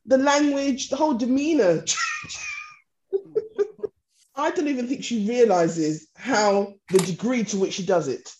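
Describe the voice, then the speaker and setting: A woman's voice: fairly high pitch, a little slow, pauses often, a little hiss or hum. A woman from East London hosting a casual podcast, telling stories with frequent laughs. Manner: animated storyteller, laughs often. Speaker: podcast host. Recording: dull lo-fi sound.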